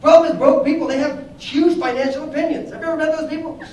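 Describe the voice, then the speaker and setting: High, energetic man in a very echoey room. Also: quick pace. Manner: energetic, storytelling, asks the audience questions. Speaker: network marketing trainer. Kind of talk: motivational training talk to a live group. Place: training room before an audience. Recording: very echoey room, mic at a distance.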